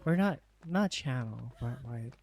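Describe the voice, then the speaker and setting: A game streamer chatting casually while playing, in a soft, hushed, ASMR-like voice, relaxed and rambling, laughing easily. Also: medium pitch, a little slow. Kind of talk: casual live gameplay chat.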